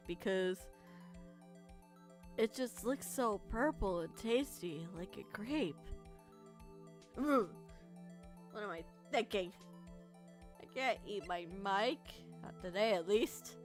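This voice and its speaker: A woman streaming a game live, chatting in a silly, playful way with sudden loud outbursts. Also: mid-range voice, lively intonation, unhurried, long pauses. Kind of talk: live gameplay commentary. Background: soft lofi music.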